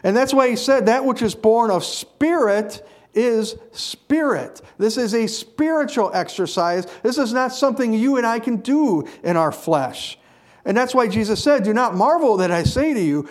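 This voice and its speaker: A man's voice: high voice, lively intonation, normal speed. A man preaching a sermon, earnest and emphatic, stressing key phrases with repetition.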